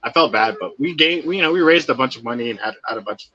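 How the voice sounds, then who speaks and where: A man's voice: mid-range voice, lively intonation, fast talker, bright, forceful tone, highs cut off. A man chatting casually on a livestream, telling long rambling stories and swearing freely. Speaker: livestream co-host. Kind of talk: casual chat.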